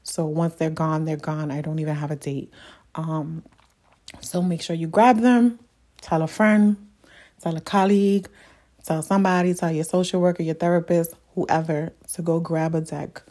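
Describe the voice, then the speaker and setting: A woman's voice: sits low, steady tone, normal speed, mellow. A young adult woman hosting a solo podcast, talking in an earnest, emotional and encouraging way, often repeating her points. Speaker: podcast host. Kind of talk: heartfelt solo podcast monologue.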